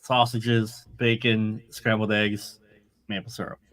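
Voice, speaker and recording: Wisconsin dude swearing a lot in casual podcast talk. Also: male voice, fairly low pitch, level tone, slow, a bit bright. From northern Wisconsin. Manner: loose, swears freely, laughs along. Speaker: podcast co-host. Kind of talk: casual chat.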